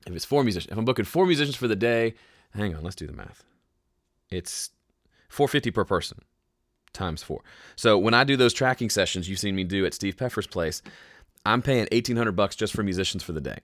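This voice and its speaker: A man hosting a casual live question-and-answer podcast, with a smooth, polished speaking voice and a relaxed, conversational way of explaining. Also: on the low side, brisk, dry recording, clean studio sound. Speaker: host answering viewer questions. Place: home studio.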